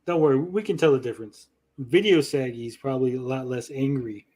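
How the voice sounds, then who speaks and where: A man's voice: medium pitch, a little fast, darkish tone. A man hosting a casual livestream, reading chat messages aloud and teasing his guest. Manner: teasing, playful. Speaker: show host.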